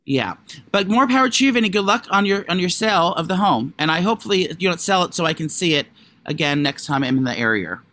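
A man co-hosting a podcast, chatting casually and rambling with many fillers and animated jumps. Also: fast talker, no echo. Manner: rambling, lots of likes and ums, animated jumps in pitch. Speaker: podcast co-host. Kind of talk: casual gossip chat.

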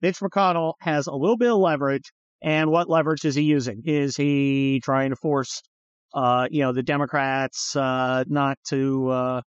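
A man's voice: medium pitch, fairly even intonation, normal speed, no echo, highs cut off. A man hosting a political podcast, talking in a sarcastic, mocking and blunt way, with swearing. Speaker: podcast host. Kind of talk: political commentary monologue.

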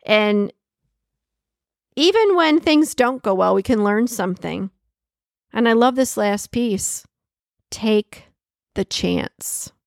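A woman's voice: mid-range voice, expressive, slow, gravelly, pauses often, dry recording, clean studio sound. A woman hosting a solo podcast, talking in a conversational way, repeating key phrases for emphasis and laughing often. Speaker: podcast host.

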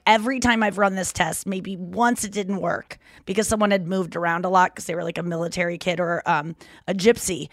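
A woman, co-hosting a podcast in casual, animated, rambling chat with frequent laughs. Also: medium pitch, no room sound, clean studio sound. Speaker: podcast co-host.

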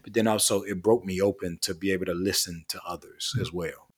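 A man's voice: deep voice, steady tone, fairly quick. A man speaking as a guest author in a casual interview, earnest, building long lists with rising emphasis.

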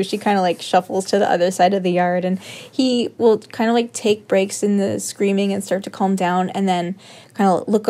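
Woman, mellow warm tone, wry parent storyteller, laughs through it. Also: medium pitch. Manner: wry, laughs while telling.

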